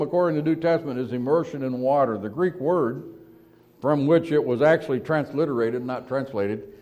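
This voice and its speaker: A man preaching a sermon, asking rhetorical questions and slowing down to stress key words, with quiet asides between louder emphatic points. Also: medium pitch, highs cut off.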